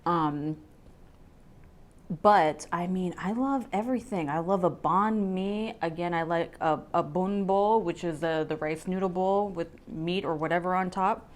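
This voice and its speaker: Woman, guest, casual chat, enthusiastic, lowish pitch. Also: unhurried. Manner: chatty, enthusiastic about food.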